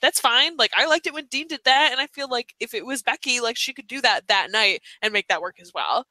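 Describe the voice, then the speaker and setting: Bright-voiced woman, excited podcast chat. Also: fairly high pitch, fairly quick, no room sound, rough recording. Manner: enthusiastic, swears freely, laughs often. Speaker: podcast co-host. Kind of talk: casual chat.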